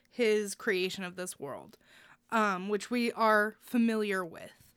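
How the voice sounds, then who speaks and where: Woman with a smooth, clear voice gushing. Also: medium pitch, a bit bright, no room sound, studio quality. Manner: gushing, effusive praise with frequent laughs. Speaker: podcast co-host reviewing stories. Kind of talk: casual chat.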